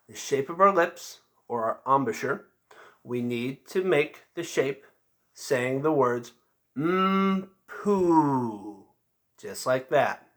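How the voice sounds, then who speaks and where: With a pushed, bright, mid-range voice, a man demonstrates a beginner band lesson on an instrument. He patiently walks through each step, checking in with frequent "okay?"s.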